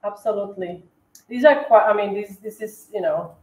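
A woman's voice: mid-range voice, normal speed, noisy background. A woman hosting a decorating livestream, chatting casually with many fillers and self-corrections. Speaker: cookie decorating livestream host. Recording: echoey room.

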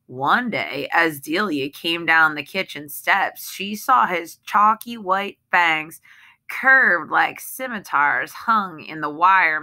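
A woman reading a short story aloud in a measured, deliberate way. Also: on the low side, pushed and bright. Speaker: reader.

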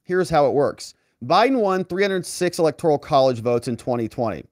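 A man's voice: fairly high pitch, brisk, no echo, studio quality. A man hosting a political commentary show, talking emphatically and directly to his viewers. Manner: animated, emphatic, talks straight to viewers. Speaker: host.

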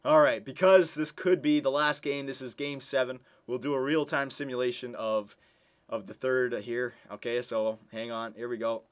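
Male gameplay commentator, emotional and reactive, begs his team on and yells at big moments, mid-pitched voice. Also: moderate pace. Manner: emotional, pleading with the team, bursts into excited yelling. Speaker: video game commentator. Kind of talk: hockey game simulation commentary.

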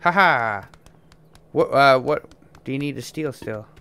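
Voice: mid-range voice, expressive, measured pace, a bit bright, clean tone. Giggly, rambling gameplay commentator. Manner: giggly, rambling, playfully foul-mouthed. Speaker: gamer watching and commenting.

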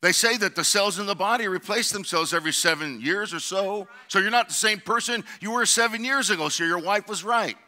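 A middle-aged man preaching a sermon as pastor, building to shouted emphasis and calling out to the congregation. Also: high-pitched, a little fast, hardly any pauses. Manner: preaching with rising shouted emphasis and call-outs.

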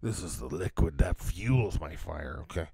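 A man doing a booming wrestling-promo impression on a whisky podcast, his voice gravelly and husky. It swings wildly from shouted highs to hushed asides, with a bright, forceful edge. The sound is close and dry. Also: animated, normal speed, dry recording. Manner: over-the-top wrestling promo bravado, calls everyone brother; breaks into laughter, drops to hushed asides. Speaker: podcast co-host.

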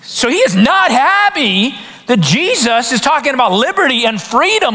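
A man preaching a conversational sermon as pastor, with lively rhetorical questions and frequent restarts. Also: extremely high pitch, moderate pace. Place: church sanctuary. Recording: hall reverb in a church.

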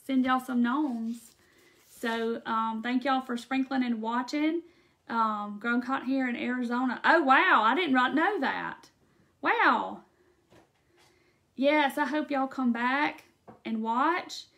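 A woman's voice: fairly high pitch, a bit bright. A woman with a Mississippi Southern accent hosting a craft livestream, chatting casually and folksily with viewers and laughing often. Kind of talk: casual live chat with viewers. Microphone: phone or webcam on a live stream.

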